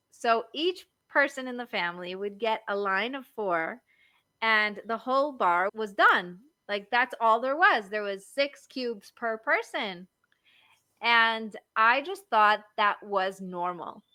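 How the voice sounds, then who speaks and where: A chatty woman in her thirties, talking easily and filling her stories with little fillers. Her voice sits a bit high and sounds bright, close and dry. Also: lively intonation, slow pace, dry recording. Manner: chatty storyteller, lots of likes and you-knows. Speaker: marriage coach. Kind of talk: casual podcast chat.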